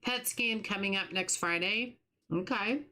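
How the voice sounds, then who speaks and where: A middle-aged woman talks easily while she plays a game on a livestream. Her voice sits at an ordinary middle pitch, and her tone stays sympathetic and chatty, with small restarts as she reads and answers her chat. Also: a little slow, sharp tone. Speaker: livestream host. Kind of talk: casual chat while gaming, reading chat.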